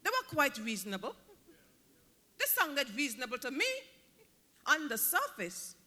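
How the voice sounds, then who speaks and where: A man preaching with a strikingly high, bright, ringing voice that swoops lively up and down. He drives his points home by repeating key words. His sermon echoes with a long reverb through a large hall. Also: normal speed.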